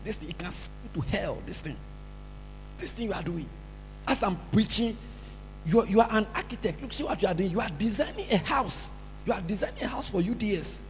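A man preaching a sermon, scolding and repeating himself, breaking into shouts, recorded in a large church hall. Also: high-pitched. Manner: scolding, repetitive, bursts into shouts. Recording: reverberant hall with faint music.

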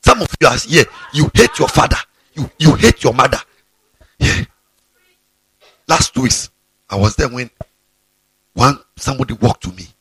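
A man's voice: medium pitch, sing-song, moderate pace, long pauses, fairly bright tone, breathy edge, dry recording. A man, preaching a fiery, scolding sermon to students and often repeating himself. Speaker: pastor.

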